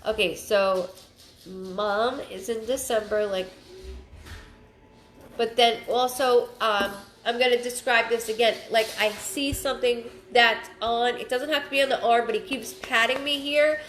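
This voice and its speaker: Woman psychic medium, fairly high voice, halting delivery that loops phrases, stuffed-up sound, in a roomy space. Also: fairly even intonation, fairly bright tone. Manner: halting, repeats phrases, thinks aloud. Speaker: psychic medium giving a live reading. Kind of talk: livestream reading. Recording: roomy echo.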